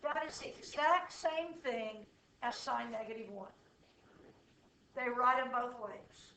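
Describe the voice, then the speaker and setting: Woman math teacher, slow delivery, keeps asking the class for agreement, recorded from a distance. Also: fairly high pitch, bright, forceful tone, slight background noise. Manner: slow, checking in with students often. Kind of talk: classroom lecture. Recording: echoey room from far off.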